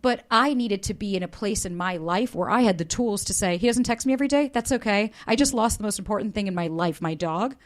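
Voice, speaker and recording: Animated woman telling candid dating stories. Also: mid-range voice, a little fast, few pauses. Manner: animated storyteller, acts out quotes, swears freely. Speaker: dating coach guest. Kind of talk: candid podcast interview.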